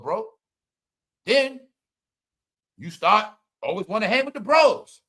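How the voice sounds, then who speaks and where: Loud high-voiced man ranting with laughter. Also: big pitch swings, unhurried, long pauses, breathy edge. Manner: loud, laughs often, swings between shouting and muttering; profane, talks straight to the audience. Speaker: online commentator. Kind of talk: casual comedic commentary.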